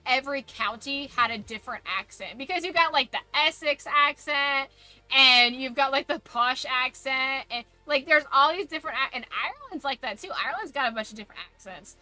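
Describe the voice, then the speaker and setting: Bright-voiced woman with a mild Southern lilt. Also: high voice. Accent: mild Southern American. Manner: rambling, many "like" fillers and restarts. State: voice going hoarse. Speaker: streamer. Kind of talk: casual chat with live chat.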